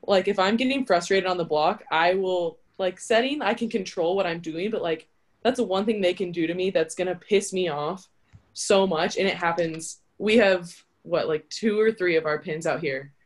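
A woman's voice: lowish voice, normal speed. A woman in casual chat as a volleyball player and guest, emphatic and laughing often as she acts out her own thoughts.

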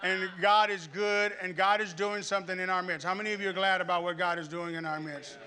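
A male pastor preaching a sermon, telling stories with lots of energy, laughing and shouting at times. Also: high-pitched, fairly quick, slight background noise. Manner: animated storytelling, laughing and shouting.

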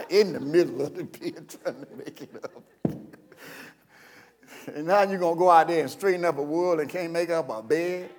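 A man preaching a sermon as pastor, folksy and storytelling, breaking into sudden shouts and chuckles. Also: a little high, normal speed, long pauses.

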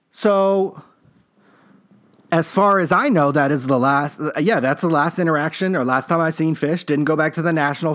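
A man's voice: a little high, fairly bright tone. A man hosting a podcast, telling a story in a rambling, laid-back way with many fillers and restarts. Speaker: podcast host. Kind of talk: casual storytelling monologue.

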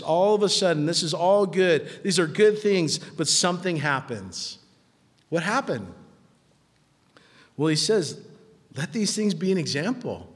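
A man preaching a sermon in a casual, animated way, acting out quotes in lively voices. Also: sits high, measured pace, long pauses. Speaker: pastor. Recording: long hall reverb.

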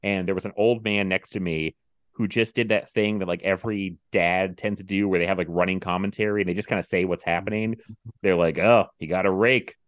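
A man's voice: low voice, fairly quick, no room sound, lo-fi sound. A man hosting a casual movie podcast, telling stories with lots of laughs and mimicking people. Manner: animated storyteller, mimics people, laughs often. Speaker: podcast host.

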